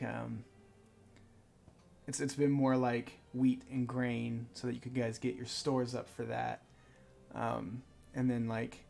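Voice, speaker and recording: Gravelly guy running a tabletop game, lots of ums and restarts. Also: medium pitch. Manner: halting, full of fillers and restarts. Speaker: game master.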